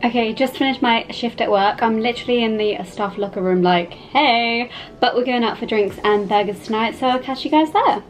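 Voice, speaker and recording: A woman's voice: on the high side, brisk, few pauses, music in the background. A young woman in her twenties narrating a casual day-in-the-life vlog, chatty and upbeat, talking straight to her viewers. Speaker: vlogger, radiographer.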